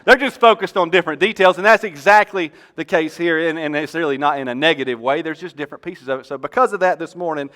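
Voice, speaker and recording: A man preaching a sermon as pastor. He tells the story in an animated way and jokes with the congregation on a church stage. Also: on the high side, fast, few pauses.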